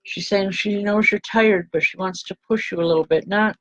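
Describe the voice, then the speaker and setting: A woman reverend giving live spirit readings to viewers, speaking gently and haltingly and calling people by name. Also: mid-range voice, dry recording, highs cut off.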